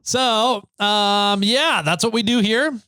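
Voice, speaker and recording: Male podcast co-host, casual and joking, slightly high voice, dry studio sound. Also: slow, pushed and bright, smooth, no room sound. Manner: joking, chatty.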